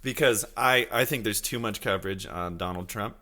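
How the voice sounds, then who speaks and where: At normal speed, his voice comes across pushed and bright. This podcast host in his thirties rambles casually on his solo show, answering his chat and occasionally quoting people in silly, high-pitched voices.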